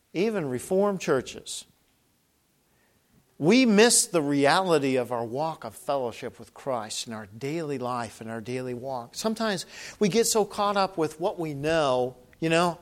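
A man preaching a sermon as pastor, earnest, asking rhetorical questions and rising to emphatic calls. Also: a little high. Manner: rhetorical questions with long pauses.

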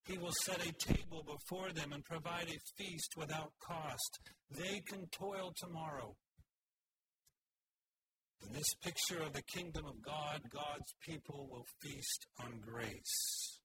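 An earnest man preaches a sermon, explaining scripture at length in a somewhat high voice. A steady hiss sits under the recording. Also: takes it slowly. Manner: earnest, expository. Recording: hissy recording.

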